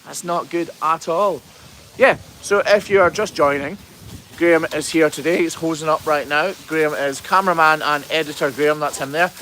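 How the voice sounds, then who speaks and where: A man talks easily to his livestream viewers, reading their comments aloud and answering each one. His voice sits a little high for a man. A faint outdoor hiss runs under the recording. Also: normal speed, pushed and bright. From Scotland. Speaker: hoof trimmer hosting a livestream. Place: outdoors on a farm.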